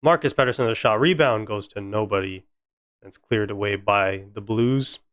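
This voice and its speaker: A man's voice: on the low side, normal speed, a bit bright, clean tone, no room sound, studio quality. A young man giving fan play-by-play on a live stream, frustrated and sarcastic about his team. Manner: exasperated, sarcastic fan commentary.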